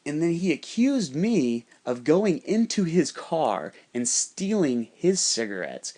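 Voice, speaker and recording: A man with a slightly higher-than-usual voice rambles through a story, swearing constantly. He talks in a loose, conspiratorial way. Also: big pitch swings, takes it slowly, a little mellow. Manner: rambling, heavily profane, conspiratorial. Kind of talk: casual storytelling monologue.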